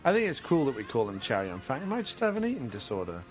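A man's voice: mid-range voice, huge pitch swings, fast, music in the background. A man co-hosting a casual movie commentary podcast, joking around. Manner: jokey, puts on silly voices. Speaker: podcast co-host.

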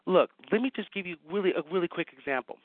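A man guest on a radio talk show, telling anecdotes with excitement and acting out the dialogue. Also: high voice, quick pace, no echo. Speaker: guest writer. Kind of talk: animated storytelling in a radio chat. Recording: dry, phone-like line.

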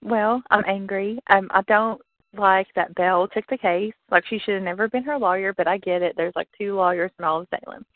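A woman's voice: medium pitch, normal speed, no room sound. A woman co-hosting a casual radio chat show, talking animatedly and laughing as she acts out her reactions. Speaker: podcast co-host. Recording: dry, phone-like line.

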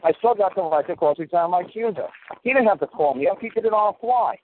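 A man in his fifties talks on a call, blunt and full of curses, hammering his points home. His voice sits a little high. It comes through a thin, tinny phone line with a faint hiss. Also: lively intonation, fast. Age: 50s. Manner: blunt, profane and emphatic. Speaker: caller giving advice.

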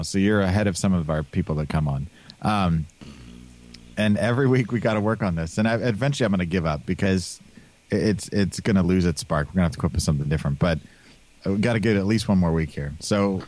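A man's voice: low voice, a little mellow. A man hosting a podcast in casual chat, rambling with many restarts and laughs. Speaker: podcast host.

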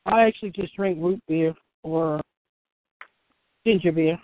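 A man's voice: a little high, unhurried, narrow, tinny audio, a little hiss or hum. A man hosting a casual online community call in a laid-back way, often adding "you know". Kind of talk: casual group chat.

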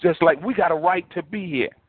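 A man's voice: high voice, brisk, slightly rough, no echo. A man preaching a sermon, telling a story in a loose, conversational way and acting out the people in it. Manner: conversational, animated storytelling with acted quotes. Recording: dry, tinny phone-like sound.

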